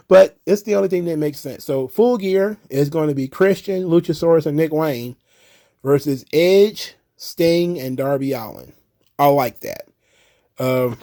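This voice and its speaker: A man's voice: mid-range voice, darkish tone. A man casually recapping wrestling shows, chatty and chuckling, with frequent fillers. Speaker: wrestling commentary host.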